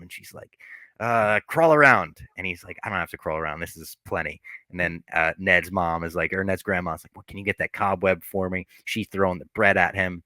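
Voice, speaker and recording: A man hosting a podcast, casually recapping a movie scene by scene, animated and profane, acting out the characters' lines. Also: lowish voice, no room sound. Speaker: podcast host.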